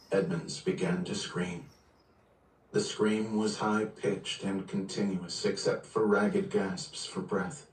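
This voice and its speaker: A man reading a novel aloud on a livestream in a steady, measured way. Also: low-pitched. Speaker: reader. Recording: roomy, distant from the mic.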